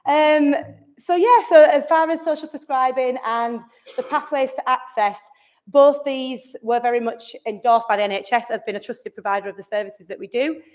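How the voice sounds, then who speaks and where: A woman's voice: high voice, steady tone, moderate pace, darkish tone. A woman speaking at a conference in a meeting room, enthusiastic, often restarting and searching for words. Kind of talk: conference presentation.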